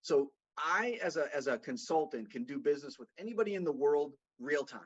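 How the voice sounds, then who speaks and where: A man's voice: a little high, expressive, brisk, slightly rough. A man from Boston with a faint, mostly neutral American accent, telling rambling stories in a casual podcast conversation. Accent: slight Boston, mostly neutral American. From Boston, USA. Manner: rambling storyteller, frequent restarts. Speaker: guest, consultant. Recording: dull lo-fi audio.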